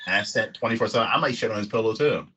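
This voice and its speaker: An excitable man who jokes and laughs often in a casual podcast conversation. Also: fairly low pitch, rapid-fire, highs cut off, background noise.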